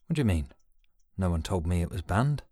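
A man's voice: deep voice, expressive, a little fast, dark tone, dry recording. A man reading a story aloud, voicing a grumpy, stubborn old father who talks in a cantankerous, indignant way. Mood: grumbling.

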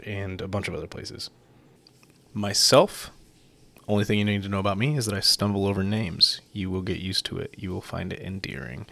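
A man hosting a story podcast, reading a short story aloud after relaxed, self-deprecating remarks. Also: on the low side. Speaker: podcast host and narrator.

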